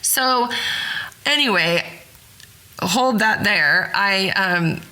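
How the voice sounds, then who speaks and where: Bright, excited woman telling a story. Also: fairly low pitch, a little slow, rough recording. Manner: rambling, with frequent self-corrections and fillers. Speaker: podcast host. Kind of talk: casual storytelling.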